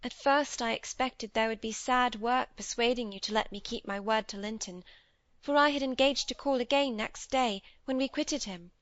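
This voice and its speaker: A woman's voice: a little high, moderate pace, fairly bright tone, no echo, lo-fi sound, close to an everyday voice. A woman voicing an earnest young girl confessing. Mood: confiding. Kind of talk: audiobook character reading.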